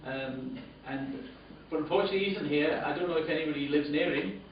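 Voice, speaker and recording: Rambling man, distant and echoey. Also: quick pace. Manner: rambling, repeats words, many ums. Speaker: director presenting awards. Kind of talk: off-the-cuff award presentation. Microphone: camera mic from a distance. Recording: distant, boomy, dull camera audio with room noise.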